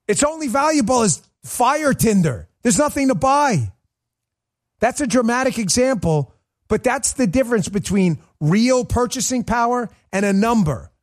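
A man hosting a livestreamed political commentary show, ranting in an emphatic, sarcastic way. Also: sits high. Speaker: political talk show host.

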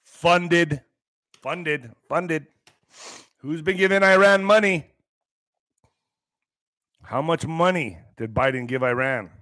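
Middle-aged male podcast host with a slightly higher voice: sarcastic, emphatic rant, dry close sound. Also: slow, pauses often, fairly bright tone, dry recording. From US border region. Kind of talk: ranting commentary reading news.

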